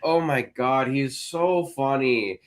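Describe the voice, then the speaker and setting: A man on a podcast panel gets excited and gushes, breaking off in bursts of enthusiasm. His voice sits at an ordinary middle pitch. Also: slow. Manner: excitable, gushing. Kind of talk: casual film discussion.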